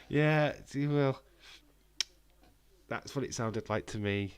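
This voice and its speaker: A man's voice: mid-range voice, very slow, pauses often, smooth, no echo. A man hosting a live watch-along stream, chatting casually and joking as he reads out and answers comments from his viewers. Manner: joking banter reading out chat.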